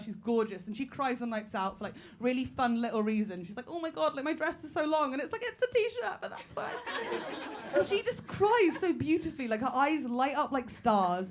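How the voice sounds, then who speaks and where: A woman performing a stand-up comedy routine, loud and brash, shouting her punchlines. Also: high-pitched, slight background noise. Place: small comedy club. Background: audience laughter.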